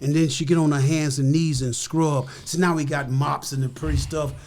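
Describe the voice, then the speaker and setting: A man's voice: a little high, little pitch movement, moderate pace, a little mellow. An older man with a Chicago accent, an interview guest telling a heartfelt story in an emphatic, repetitive, preacherly way.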